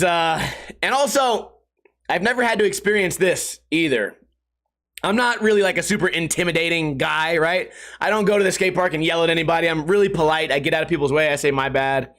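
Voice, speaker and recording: A man hosting his own podcast, telling a story in a casual rant, animated and profane, with comic quoted voices. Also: fairly high pitch, fairly quick. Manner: profane, comedic. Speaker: podcast host.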